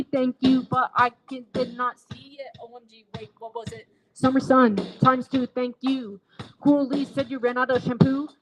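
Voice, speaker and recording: A woman with a high voice hosts a casual live stream, reading out viewer comments and chatting back at them. Her pitch stays fairly level, with clear music playing behind her. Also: rough recording. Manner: reads viewer comments aloud and answers them.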